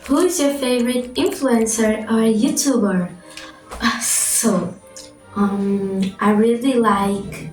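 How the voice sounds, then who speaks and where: A teenage girl chats slowly in a fairly high voice, filling her sentences with "like" and "um" as she answers questions. She sits back from the mic in an echoey room. Soft music plays faintly underneath. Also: distant mic. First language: Portuguese. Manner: chatty, frequent fillers, self-correcting. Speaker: vlogger. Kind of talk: casual Q&A vlog.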